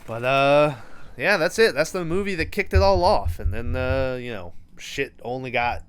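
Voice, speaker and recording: A man's voice: medium pitch, expressive, normal speed, clear, resonant tone. A man hosting a podcast, recapping a movie in loose, profane storytelling full of "um" and "like". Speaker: podcast host.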